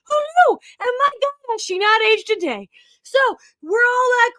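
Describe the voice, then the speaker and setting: Very high-voiced excitable woman. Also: normal speed, no echo. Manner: rambling, excitable, playful asides. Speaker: podcast co-host recapping a film. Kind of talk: casual podcast chat.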